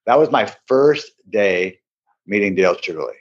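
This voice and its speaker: A man with a husky, fairly low voice spins a casual anecdote. He acts out the people in the story as he goes. The recording sounds dull and lo-fi. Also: lively intonation, moderate pace. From Seattle area. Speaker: podcast guest.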